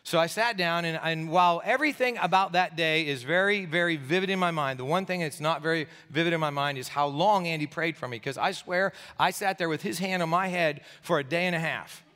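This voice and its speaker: A man's voice: a little high, brisk, hardly any pauses, clean tone. A middle-aged male pastor from Pennsylvania, tired after a sleepless night, telling a story in a sermon and acting out the people in it. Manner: animated, acts out the people in his story. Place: church sanctuary. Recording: echoey church hall.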